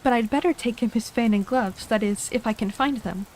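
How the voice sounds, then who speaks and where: A woman puts on a chatty little girl in a whispered role-play, her voice lifting high and eager with a wistful edge. The reading stays hushed and gentle, with a faint hiss of rain underneath. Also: brisk, close to an everyday voice, poor audio. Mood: musing.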